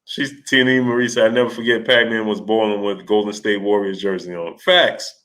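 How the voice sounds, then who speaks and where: A man's voice: fairly low pitch, fairly quick. A man hosting a live stream, greeting viewers and retelling stories with laughter and quoted voices. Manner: animated storytelling, laughing, mimicking voices. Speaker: host. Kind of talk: live stream chat, reading Super Chats.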